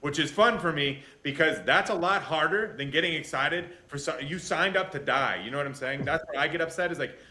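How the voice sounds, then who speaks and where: A man's voice: on the high side, brisk, hardly any pauses, pushed and bright. A man hosting a casual interview who swears heavily and talks in intense, emphatic rants. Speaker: podcast host. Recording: echoey room.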